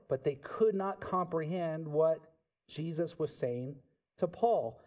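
A man preaching a sermon, swinging from loud emphatic peaks to quiet low asides and asking the congregation rhetorical questions. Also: slow.

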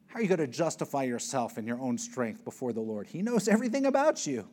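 A man preaching an expository sermon, reading scripture slowly and pressing his points with emphasis. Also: big pitch swings. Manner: emphatic, swings between loud peaks and low hushed words; reads scripture aloud slowly and deliberately.

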